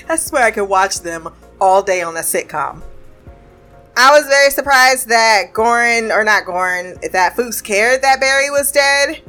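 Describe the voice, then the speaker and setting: A woman's voice: a little high, lively intonation, a little slow, pushed and bright, soft background music. A woman casually recapping a TV episode. She talks in a chatty way, laughs often and swears freely.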